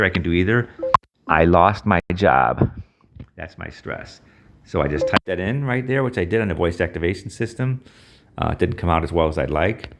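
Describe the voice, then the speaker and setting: A man presenting and demonstrating an app in a halting, casual walkthrough with many fillers and restarts. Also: low voice, a bit bright. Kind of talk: screen-share app walkthrough.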